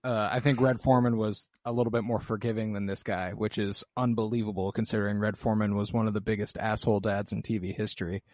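A male podcast co-host talks through a film in a loose, animated way, restarting his sentences and swearing now and then. His voice sits a little low, and it sounds dry and close to the mic. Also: fast, hardly any pauses, no echo. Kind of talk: casual film discussion.

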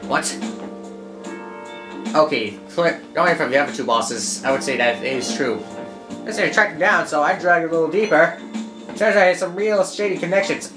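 A woman's voice: low-pitched, normal speed, long pauses, echoey room. A woman giving chatty let's-play commentary, often stumbling over her words as she reads game lines aloud. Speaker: gameplay commentator. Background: game music.

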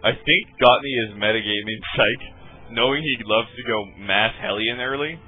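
A man's voice: mid-range voice, moderate pace, slightly rough, faint music behind. A man casting a live video game match in a casual, laid-back way, laughing often and swearing now and then. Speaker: esports caster. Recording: tinny phone-like stream audio.

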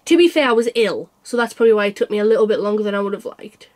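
A woman with a mid-range, darkish voice races through a chatty vlog to camera about her cross-stitch projects. Unwell with a cold, she's self-mocking and laughs often.

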